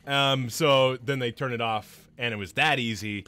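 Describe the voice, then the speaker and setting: A man streaming a game, chatting casually and rambling through animated stories with lots of restarts. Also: medium pitch, moderate pace, few pauses, faint music behind. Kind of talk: casual chat while gaming.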